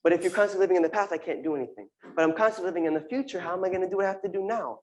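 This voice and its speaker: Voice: medium pitch, racing, a little mellow, a little hiss or hum, rough recording. A speaker giving an earnest, informal sermon talk to a congregation, repeating phrases and using Hebrew terms. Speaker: congregation member giving a drash.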